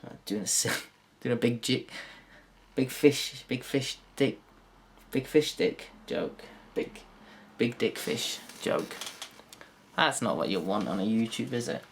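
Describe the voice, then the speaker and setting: Crude, rambling comedian. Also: male voice, slow pace, gravelly, slight background noise. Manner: crude, self-mocking, jumps into high silly put-on voices. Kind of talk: rambling stand-up monologue to camera.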